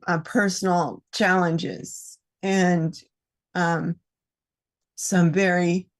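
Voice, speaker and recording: A woman calling in, sharing a personal story in an emotional, halting way with many fillers. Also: medium pitch. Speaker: caller. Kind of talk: casual chat.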